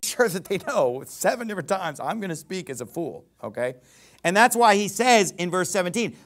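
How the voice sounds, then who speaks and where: A man preaching a verse-by-verse sermon, reading scripture in a rising, emphatic cadence and swinging between loud emphasis and quiet asides. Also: high voice. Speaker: pastor.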